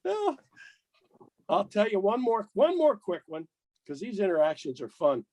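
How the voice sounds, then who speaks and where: An older American man, a golf rules official and podcast guest, telling lively anecdotes and acting out the dialogue with chuckles. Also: high-pitched, normal speed, no room sound, poor audio. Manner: animated storyteller, acts out dialogue, chuckles.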